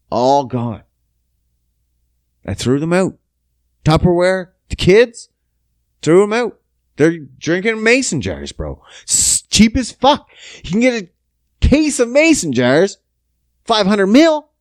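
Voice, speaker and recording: Guy in his 30s telling a crude funny story on his podcast, kinda high voice, super dry sound. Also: no echo. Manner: animated, crude, self-mocking. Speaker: podcast host. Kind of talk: profane comic storytelling.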